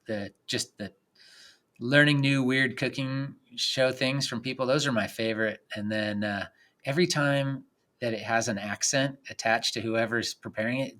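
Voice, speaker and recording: A man talking as a podcast guest in casual chat, rambling and animated, with lots of "like" and frequent laughs. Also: mid-range voice. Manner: animated, rambling, says "like" a lot, laughs often.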